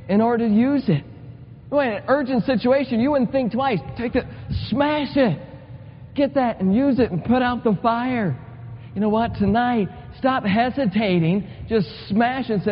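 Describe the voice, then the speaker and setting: A man's voice: sits high, moderate pace, a little hiss or hum. A man preaching a sermon in a church, earnest and repetitive, pressing his points with rising urgency. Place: church sanctuary. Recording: muffled sound with long hall reverb.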